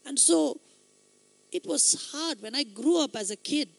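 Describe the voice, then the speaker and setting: A man preaches in a light, high voice that listeners often mistake for a woman's. His sermon moves through emphatic stories and builds to loud exhortation. A gravelly fry runs under his words, and the sound is close and dry. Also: animated, measured pace, no room sound.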